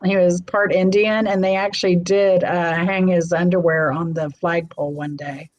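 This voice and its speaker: A woman with a Midwestern American accent hosting a casual live-stream chat, talkative and quick to laugh. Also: on the low side, fairly even intonation, rough recording. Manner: chatty, laughs often. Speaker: host.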